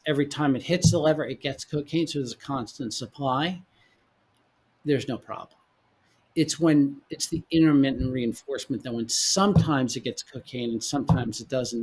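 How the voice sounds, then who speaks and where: A man in his forties, a podcast guest, telling his own story in a halting way, often repeating words as he goes. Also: mid-range voice, husky. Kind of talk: candid personal storytelling.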